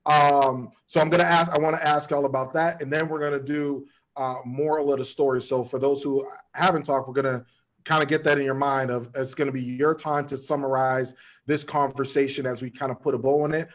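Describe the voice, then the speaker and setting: A man's voice: mid-range voice, little pitch movement, fairly quick. A man hosting a podcast panel over a video call, joking and chatting casually while steering the talk. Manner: playful, joking, affirming others often. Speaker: podcast host.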